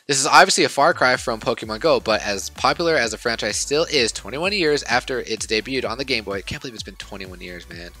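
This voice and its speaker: A man's voice: mid-range voice, lively intonation, fast, few pauses, sharp tone, faint music behind. A man in his twenties casually rambling through gaming news in a chatty, self-deprecating way. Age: 20s. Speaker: YouTube news host.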